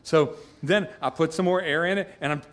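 Folksy man, slightly high voice. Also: moderate pace, a little hiss or hum. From Georgia, US. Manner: rambling, self-interrupting, folksy. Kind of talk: casual personal storytelling.

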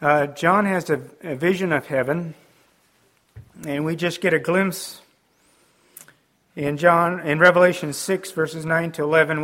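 Halting preacher, man, slightly high voice. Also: fairly even intonation, a bit bright. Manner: halting, with frequent ums and restarts. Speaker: pastor. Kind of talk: sermon.

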